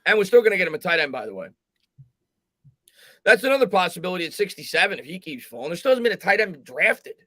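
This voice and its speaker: A man hosting a live sports talk stream, his voice sitting a little above the usual male pitch. He reads viewer comments aloud and talks things through with restarts and fillers, recorded close and dry. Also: sing-song, quick pace, pushed and bright, no echo. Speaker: host.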